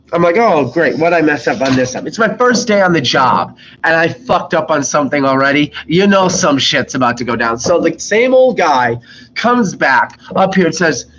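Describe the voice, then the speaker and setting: A man's voice: fairly high pitch, a bit bright, highs cut off, slight background noise. A young man telling rambling work stories in a casual vlog, swearing freely and acting out rude customers. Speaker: vlogger. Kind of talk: casual storytelling.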